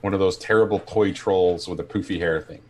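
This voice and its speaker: A man running a tabletop game as game master, describing scenes in an unhurried, descriptive way. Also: sits low, steady tone, darkish tone, a little hiss or hum.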